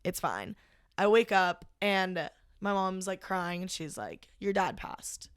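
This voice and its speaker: A young woman, a podcast guest, recounting a personal story in casual conversation, halting and full of "like". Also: medium pitch, smooth, no room sound, clean studio sound. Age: young adult. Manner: halting, heavy use of "like", emotional retelling.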